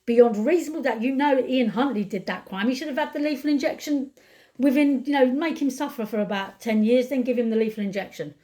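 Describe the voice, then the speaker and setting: A woman's voice: on the high side, brisk, warm tone. A woman with a British accent, talking to camera in an upset, angry rant, often repeating words. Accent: British English. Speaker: vlogger. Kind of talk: emotional commentary to camera.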